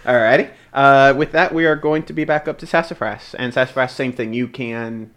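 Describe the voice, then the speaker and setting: A man narrating a tabletop role-playing game as game master, relaxed and halting, with many fillers. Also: mid-range voice.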